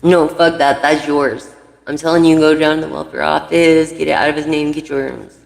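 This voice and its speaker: Woman, tarot reader, gravelly voice, blunt and rambling, long reverb. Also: low-pitched, little pitch movement, normal speed. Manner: blunt, profane, rambling advice. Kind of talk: casual reading addressed to viewers.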